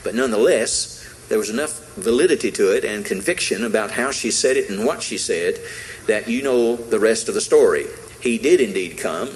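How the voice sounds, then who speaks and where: A man's voice: on the low side, expressive, normal speed, a little hiss or hum, rough recording. A man preaching a sermon in a folksy, emphatic way, retelling a Bible story with acted-out quotes and repeated lines.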